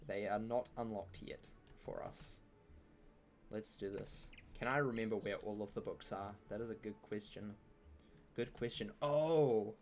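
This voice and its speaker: A man giving chatty, playful live commentary on a game he streams, with joking trash talk aimed at the enemies. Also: fairly low pitch.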